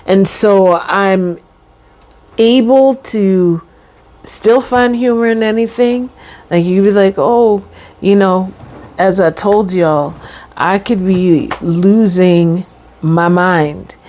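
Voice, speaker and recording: A woman's voice: mid-range voice, a little mellow. A middle-aged woman vlogging casually about life after a brain injury, breaking into laughter often. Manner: laughs often while talking, drawn-out pauses. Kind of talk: casual talk to camera.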